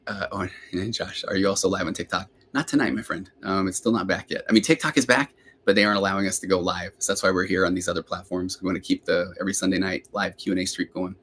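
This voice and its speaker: A man's voice: deep voice, a little hiss or hum. A middle-aged man, a therapist hosting a live question-and-answer podcast, talking in a rambling, chatty way that often breaks off and restarts. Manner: rambling, self-interrupting, chatty.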